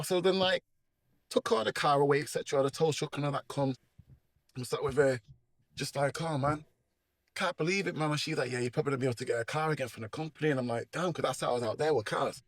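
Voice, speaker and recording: A man's voice: a little high, no echo. A middle-aged man from Manchester tells his story with a slightly raised voice, slipping into the voices of the people in it. His speech rambles with casual slang. The sound is dry and close. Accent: Manchester English. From England. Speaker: guest. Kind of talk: personal testimony storytelling.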